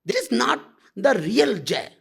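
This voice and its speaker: A man teaches at a satsang in a high voice with a gravelly edge. He talks bluntly but tenderly to his listeners. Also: big pitch swings, a little slow, a bit bright. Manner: blunt and intimate, calling listeners "my love". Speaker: spiritual teacher. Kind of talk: satsang talk.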